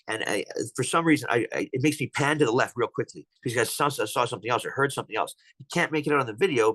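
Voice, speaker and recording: Podcast guest, male, rapid and rambling storyteller with frequent restarts. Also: on the low side, fairly bright tone, no echo, low-quality recording. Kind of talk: telling a personal encounter story.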